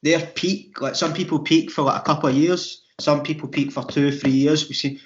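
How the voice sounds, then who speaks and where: A man's voice: on the high side, steady tone, moderate pace. A Scottish man co-hosting a podcast, chatting in a rambling way with many restarts. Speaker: podcast co-host. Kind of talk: casual chat. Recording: dull lo-fi sound.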